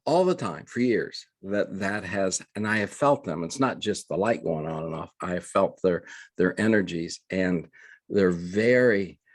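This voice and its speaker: Older man, deep voice, earnest halting storyteller, interview guest. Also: no room sound. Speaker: guest, reverend. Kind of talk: conversational storytelling.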